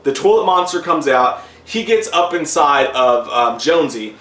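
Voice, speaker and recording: A man's voice: on the high side, lively intonation, moderate pace, a bit bright. Profane man retelling a movie, echoey room. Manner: profane, retells plot with laughs. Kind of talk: casual movie review chat.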